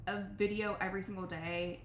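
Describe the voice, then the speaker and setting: A woman's voice: mid-range voice, little pitch movement, fairly quick, echoey room. A young woman hosting a live watch party, chatting casually, calling the game and reading viewer comments aloud with frequent laughs.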